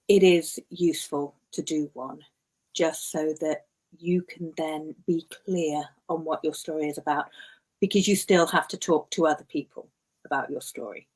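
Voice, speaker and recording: A woman's voice: low-pitched, darkish tone. A woman with a slight lisp, co-hosting a casual chat about writing as a story coach, chatty and self-mocking.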